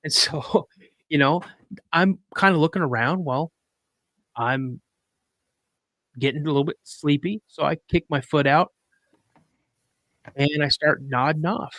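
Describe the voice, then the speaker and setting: A man, a podcast guest, telling a story in a casual, animated way with acted quotes. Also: on the high side, measured pace, pauses often, no echo, clean studio sound. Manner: rambling with restarts.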